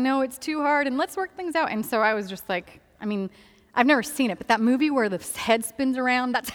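A woman telling a personal faith testimony, candid and earnest, laughing softly now and then between many fillers. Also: fairly high pitch, big-room sound. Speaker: speaker sharing a personal testimony.

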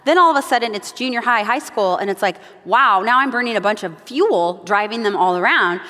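A middle-aged woman leading a moms' Bible study, sharing family stories in a chatty, animated way. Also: fairly high pitch, a little fast. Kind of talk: devotional teaching with personal stories. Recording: long reverb of a large room.

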